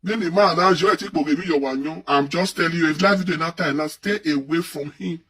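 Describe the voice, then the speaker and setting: A man's voice: a little high, fairly quick, a bit bright, husky, recorded from a distance. An actor with a Nigerian accent playing a distraught man who pleads and argues, then wails a chanted lament in a Nollywood film. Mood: pleading. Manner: pleading and quarrelsome, later wailing a chanted lament.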